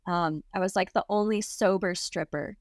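Woman telling a wild story on a podcast, mid pitch, laughs a lot, dry close sound. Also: normal speed, dry recording. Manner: lively, laughs often, acts out quoted voices. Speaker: interview guest. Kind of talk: casual storytelling.

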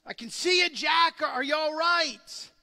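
Voice of God from above, played by a preacher, firm and commanding, high and ringing. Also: male voice, unhurried, full character voice. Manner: loud, firm calling. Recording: long hall reverb.

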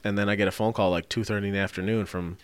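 A man with a lowish voice recounts a run-in in loose, profane talk. He slips into other people's voices as he tells it, his pitch jumping up and down. The sound is dry and close. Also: racing, clean tone, no echo. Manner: animated storytelling, swearing, acting out quoted voices. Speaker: body shop worker telling a story. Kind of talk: casual podcast chat.

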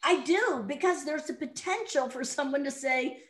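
Over a remote audio call with an echoey room, a middle-aged sales coach talks bluntly and directly as a podcast guest. Her voice sits high, and she keeps a moderate pace with few pauses.

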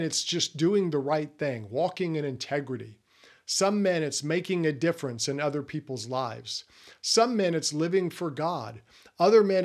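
A middle-aged man giving an earnest faith-based talk to men, speaking to the listener in a personal way. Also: on the high side.

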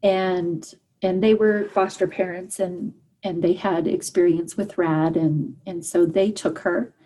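A woman telling her personal story as an interview guest, earnest and halting, with many fillers and restarts. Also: fairly low pitch, fairly even intonation, mellow, rough recording. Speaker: guest, parent.

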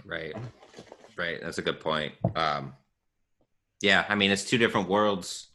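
Male podcast host, very deep with a sharp bright tone; thoughtful, hesitant delivery. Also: measured pace, slight background noise. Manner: thoughtful, hesitant, with "um" and "you know". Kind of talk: casual conversation.

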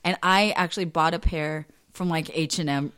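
A young woman with a slightly low voice chats on a podcast. She tells stories animatedly, slips into quoted voices and laughs easily. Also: normal speed, clear, resonant tone. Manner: animated storytelling, acts out quotes, laughs often. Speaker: podcast co-host. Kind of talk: casual chat.

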